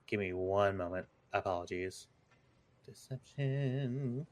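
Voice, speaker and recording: A man narrating as game master, halting and full of fillers, laughing easily as he rules on the players' moves. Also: lowish voice, a little hiss or hum. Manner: hesitant, many fillers and restarts, laughs easily.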